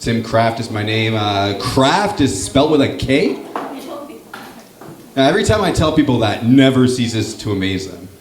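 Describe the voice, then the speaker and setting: Performing for a live crowd in a comedy club, a young Canadian man from Northern Ontario sounds very animated, his medium-pitched voice moving at a moderate pace. The echoey recording carries a little hiss or hum as he does crowd work full of casual swearing and self-mockery.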